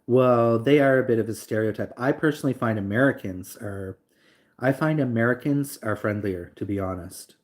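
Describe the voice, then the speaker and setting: A man's voice: medium pitch, moderate pace, darkish tone. A young man talking loosely to his live stream audience, rambling with lots of fillers and reading chat aloud. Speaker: livestream host.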